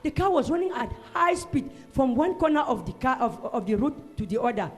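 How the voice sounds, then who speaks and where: High-voiced woman testifying. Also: fairly quick. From Cameroon. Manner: animated, bursts into loud shouted praise. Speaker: church member giving a testimony. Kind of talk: emotional church testimony. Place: church service.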